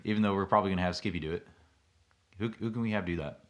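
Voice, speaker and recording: A man's voice: deep voice, racing. A young man co-hosting a casual podcast chat, joking and handing out mock advice. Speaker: podcast co-host.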